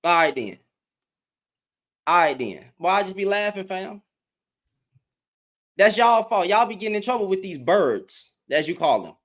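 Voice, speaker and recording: Male commentator with a high, bouncy delivery, ranting and laughing in a reaction video. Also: normal speed, long pauses. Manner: animated, repetitive, profane, laughs often. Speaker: online commentator. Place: in Dallas, Texas.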